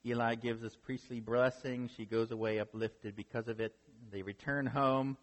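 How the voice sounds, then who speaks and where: Steady in tone and moderate in pace, a pastor with a medium-pitched voice preaches by retelling a story conversationally. He checks in with listeners often, asking "right?", under a hall's long reverb.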